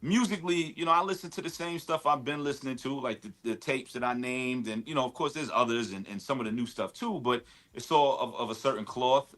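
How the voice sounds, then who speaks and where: A man's voice: mid-range voice, brisk, few pauses, fairly bright tone. A man, a guest rapper talking in a casual interview, laid-back and talkative with lots of "you know what I mean.". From Brooklyn, New York. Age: 40s.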